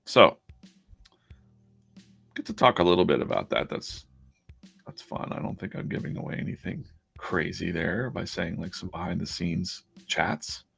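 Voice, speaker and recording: A man's voice: sits low, normal speed, gravelly, pauses often, fairly bright tone, breathy edge, soft background music. A man hosting a casual live stream as a comic artist, chatting in a rambling way with many restarts.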